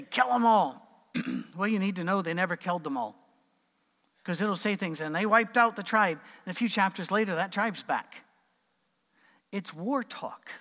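Brief: male preacher, informal sermon, slightly high voice, lively asides, long hall reverb. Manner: conversational, animated asides and acted quotes.

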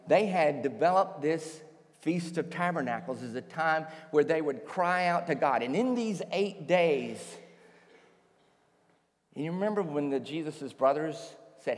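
Man, pastor, sermon, animated storyteller, slightly higher voice, long hall reverb.

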